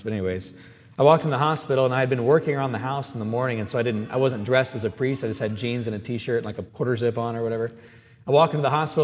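A man who is a Catholic priest, telling a story in a lively, chatty sermon with asides to the congregation. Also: medium pitch, long reverb tail.

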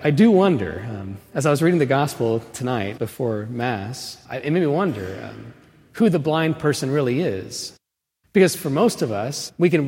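A man giving a homily at Mass, telling the story casually with lots of "right?" asides and pushing louder and higher when he stresses a point. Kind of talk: conversational sermon. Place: church. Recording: long reverb of a church.

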